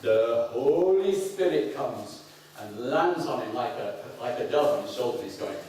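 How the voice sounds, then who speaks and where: Northern English preacher in an echoey hall. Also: male voice, mid-range voice, a little slow, slight background noise. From north of England. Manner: animated, playful, whoops and jokes with the congregation. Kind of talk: sermon. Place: church hall. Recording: very echoey hall, picked up from a distance.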